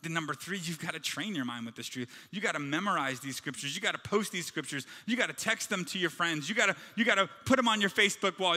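High-voiced man preaching in a reverberant hall. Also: pushed and bright. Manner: emphatic, repeats phrases in rhythmic lists. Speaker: pastor. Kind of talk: sermon. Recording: reverberant hall with background music.

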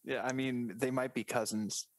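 Deadpan joking man, dry close sound. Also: mid-range voice, normal speed, no room sound. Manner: spins absurd running bits with deadpan wordplay. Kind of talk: improvised comedy banter.

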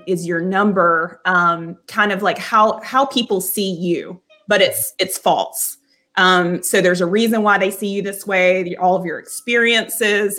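In a casual Christian podcast discussion, a woman co-host talks earnestly and carefully reads quotes aloud. Her voice sits lowish and has a fairly bright tone.

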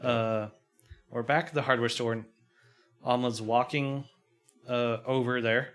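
A man's voice: medium pitch, fairly even intonation, measured pace, a bit bright. A man casually recapping a TV episode, laughing often and acting out quotes. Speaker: podcast host.

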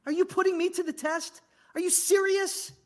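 A man's voice: very high voice, steady tone, normal speed, pitched above the performer's own voice. A man, a preacher, voicing God as an exasperated divine father figure who scolds with incredulous questions.

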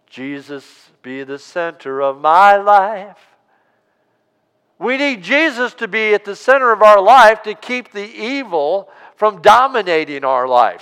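A pastor preaches a sermon in a church sanctuary, his high, fairly bright voice clear and resonant in the large hall. He draws out key words and asks the congregation to answer aloud. His preaching uses call-and-response and long, drawn-out emphasis.

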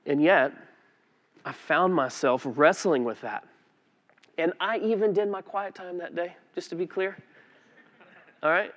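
Delivering a sermon, a man who pastors shares a personal story conversationally and animatedly, with many restarts. His voice is high-pitched at a normal speed, and the recording sounds muffled.

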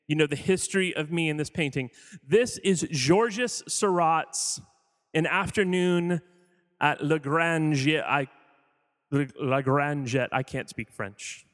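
With a high-pitched, slightly bright voice, a male pastor preaches a sermon in a casual, conversational, joking way, quizzing the audience as he goes. The recording carries long hall reverb.

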